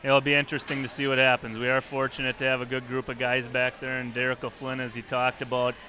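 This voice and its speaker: A man's voice: medium pitch, completely flat delivery, fast talker, pushed and bright. A man speaking as an assistant hockey coach, answering questions plainly and steadily in a restaurant. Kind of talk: casual interview answers.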